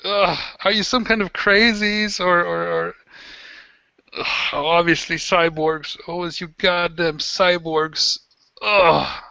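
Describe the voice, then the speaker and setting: A man's voice: sits high, lively intonation, a little slow, bright, forceful tone, dry recording, pitched above the performer's own voice, exaggerated voice. A man voicing a terrified, wounded male enemy soldier in a tabletop game, pleading and whining in a panic. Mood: panicky. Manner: panicky, whimpering, exasperated pleading. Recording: dull lo-fi dry recording.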